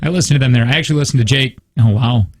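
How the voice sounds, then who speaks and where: A man's voice: medium pitch, rapid-fire. A man co-hosting a radio show in a studio, chatting playfully and reading listener comments aloud. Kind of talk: casual radio banter.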